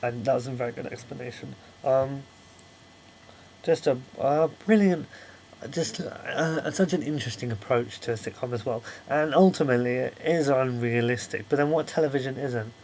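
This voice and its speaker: A young man talking straight to camera in a casual vlog review. He rambles and apologizes, restarting his thoughts often, in a middle-pitched voice with some faint noise behind him. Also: moderate pace, darkish tone, rough recording. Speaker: video reviewer.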